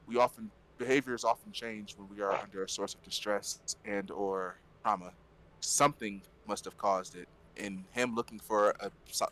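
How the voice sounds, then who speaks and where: A man playing a doctor character in a tabletop game, giving measured, clinical explanations. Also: fairly low pitch, fairly bright tone, poor audio. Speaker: player.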